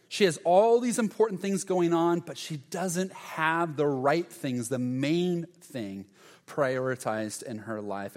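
A man preaching a sermon as pastor, earnest, letting key lines fall soft and low. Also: big-room sound.

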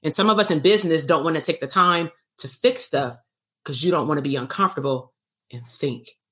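A woman therapist teaching casually on a livestream, animated and playful, acting out exchanges and swearing lightly. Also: low voice, fairly quick. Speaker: therapist leading workshops.

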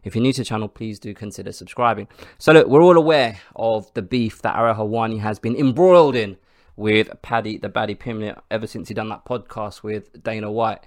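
With a fairly low pitch and a brisk pace, this podcast host runs through the week's news in a casual, chatty way, full of asides and frequent restarts with "ums" and "rights." The recording is dry and studio-clean.

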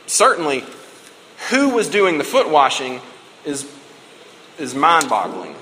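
A man's voice: fairly high pitch, pushed and bright, slight background noise. A man in his thirties giving a conversational, emotional sermon as a pastor. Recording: reverberant hall with faint ambience.

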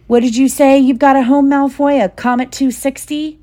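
A woman's voice: sits high, fairly even intonation, moderate pace, warm tone, pitched above the performer's own voice, close to an everyday voice. A woman reading aloud and voicing a spiteful, sneering schoolboy rival in a raised voice. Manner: sneering, snapping.

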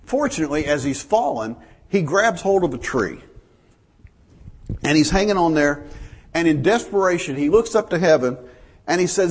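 A man's voice: on the high side, animated, normal speed, long pauses, breathy edge. A man preaching a folksy sermon, telling stories to his congregation. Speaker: pastor.

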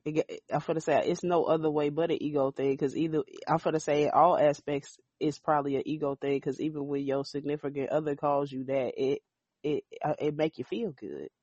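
A woman's voice: deep voice, fairly even intonation, a little fast, darkish tone, no echo. A woman co-hosting a podcast, talking in a blunt, emphatic casual chat and swearing freely. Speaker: podcast co-host. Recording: dull lo-fi sound.

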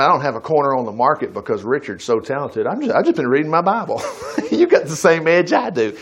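A man preaching a sermon, reading scripture and stopping to comment in a folksy, conversational way to his congregation. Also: on the high side. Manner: animated, breaks into acted quotes.

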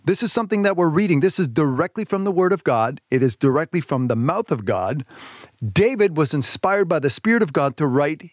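A fairly high-voiced man preaching on the radio, leaning hard on key words and slowing down to stress each line of scripture. He calls on listeners to say the words along with him. The recording is close and dry, with no room around the voice. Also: lively intonation, no room sound. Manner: emphatic, slows down to stress scripture; invites listeners to repeat lines. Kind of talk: radio sermon.

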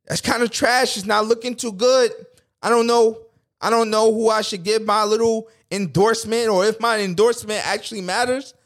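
A man's voice: very high-pitched, a bit bright. A man, hosting a podcast in a blunt, profane, rambling rant. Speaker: podcast host. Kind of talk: casual political rant.

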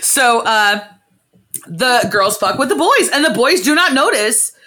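A young woman casually retelling a play's plot with plenty of swearing, slipping into quick character voices. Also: a little high. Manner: swearing, animated play-by-play with put-on voices for characters. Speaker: podcast co-host. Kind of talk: casual chat, retelling a play.

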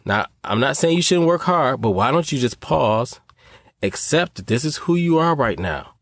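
A man hosts a motivational podcast, speaking earnestly to his listeners. His voice sits at an ordinary middle pitch. The sound is dry and close, with no room echo. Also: breathy edge. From North Carolina. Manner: earnest, preachy, addresses listeners as y'all. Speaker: podcast host.

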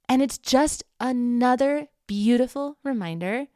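A woman's voice: fairly high pitch, measured pace, warm tone, no echo, studio quality. A young woman hosting a podcast, talking casually and animatedly to her listeners, often laughing and swearing lightly. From United States. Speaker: podcast host. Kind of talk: casual personal monologue to listeners.

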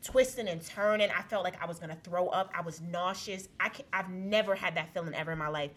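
Young woman, guest, casual animated storyteller, laughs easily, acts out the voices she quotes. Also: lowish voice, fast talker. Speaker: guest telling her testimony.

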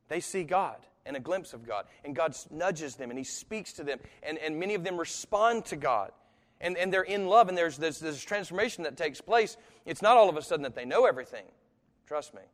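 A man's voice: on the high side, animated, a little fast. A man preaching a live sermon to an audience, talking conversationally with sudden emphatic rises and occasional chuckles. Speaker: pastor. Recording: long hall reverb.

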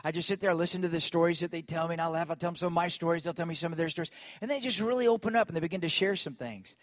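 A man with a notably high-pitched voice delivers a lively storytelling sermon, calling on the congregation to join in. His voice sounds close and dry. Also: rapid-fire, no room sound. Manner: lively, calls on the congregation to respond. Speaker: pastor.

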